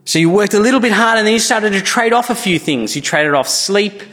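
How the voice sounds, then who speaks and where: In a church, a man preaches a sermon as pastor, earnest and conversational, often restarting his sentences. His voice sits high, animated and a bit bright, going a little fast. The church hall adds long reverb.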